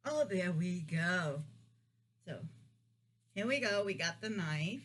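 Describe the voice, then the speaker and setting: A woman's voice: fairly low pitch, lively intonation, slow pace, long pauses, fairly bright tone. A woman hosting a casual food taste-test vlog, chatting and humming to herself as she chews and reacts. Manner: chatty, muses aloud while chewing, frequent hums and laughs. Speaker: vlogger.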